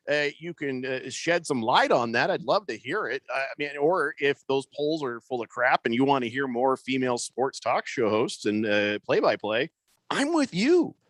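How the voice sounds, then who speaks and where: A man hosting a sports talk radio show, joking around with co-hosts and reading listener comments aloud in an animated, wisecracking way. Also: a little high, dry recording. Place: radio studio. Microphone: studio microphone.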